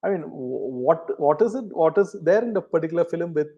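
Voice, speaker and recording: Man, live chat host, somewhat high voice, hesitant, filler-heavy, rhetorical. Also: animated, brisk, warm tone, lo-fi sound. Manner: hesitant, many ums and uhs; rhetorical, ends points with "right?". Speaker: live stream host reading viewer comments. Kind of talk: casual live chat commentary.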